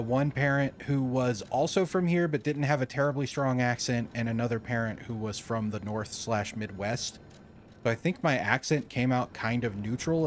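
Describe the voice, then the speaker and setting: A man's voice: mid-range voice, slight background noise. Chatty man streaming a game. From Southern United States. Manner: chatty, exclaims at the game, frequent restarts. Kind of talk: casual gaming stream chat.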